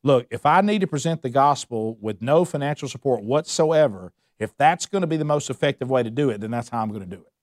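A man's voice: medium pitch, expressive, quick pace, dry recording, studio quality. A man teaching a Bible study, emphatic and repeating his points with rhetorical questions. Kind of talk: preaching a Bible study lesson.

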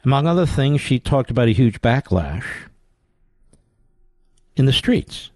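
A man's voice: medium pitch, very animated, unhurried, a little mellow, dry recording. A man hosting a political talk radio show, delivering sarcastic, combative commentary.

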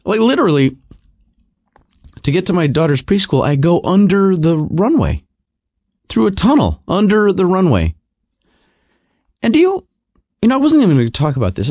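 A man's voice: medium pitch, warm tone, dry recording, studio quality. A middle-aged man hosting his own podcast from his garage, rambling through a wry, self-deprecating casual monologue. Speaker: podcast host. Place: home garage.

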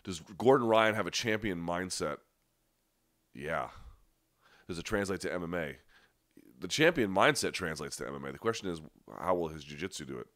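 This man hosts a live chat in a low, expressive voice that's fairly bright, speaking at normal speed with long pauses. Fielding viewer questions with a stuffy nose, he keeps things conversational, restarting often, using fillers and making emphatic asides. It's studio-quality audio with no echo.

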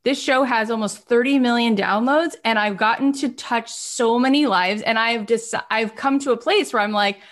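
A woman's voice: a little high, moderate pace, hardly any pauses. A woman in her thirties hosting a podcast, sharing candid, emotional personal stories in casual talk. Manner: emotional, candid storyteller with rising excitement. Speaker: podcast host. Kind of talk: casual conversational interview.

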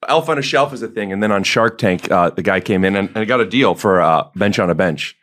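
A man from Ohio joining a casual podcast chat with deadpan jokes. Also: lowish voice, brisk. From Cleveland, Ohio. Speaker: podcast guest.

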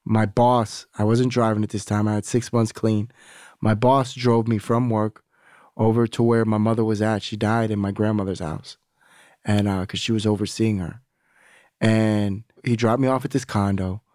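Man, low voice, candid and profane, rambling storyteller, dry close mic. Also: flat delivery, normal speed, darkish tone, dry recording. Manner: candid, rambling, profane, acts out quoted dialogue. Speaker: podcast guest. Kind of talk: casual storytelling conversation.

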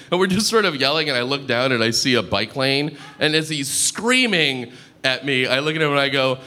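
A man performing a stand-up comedy set in a club, telling stories in a deadpan, dry manner and acting out other people's lines. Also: medium pitch, moderate pace. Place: comedy club stage before a live audience. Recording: live club recording with audience noise.

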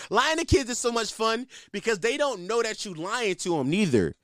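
A man's voice: high voice, very animated, moderate pace, few pauses, dry recording, studio quality. A young man telling comic stories in a loose, slangy way, laughing often and swearing freely. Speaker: comedian. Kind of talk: casual comedic storytelling.

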